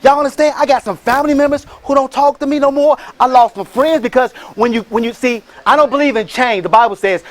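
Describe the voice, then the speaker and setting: A man giving a motivational talk, rallying the crowd with call-and-response and shouted bursts. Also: extremely high pitch, fast, few pauses. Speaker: motivational speaker and franchise entrepreneur. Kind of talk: motivational speech.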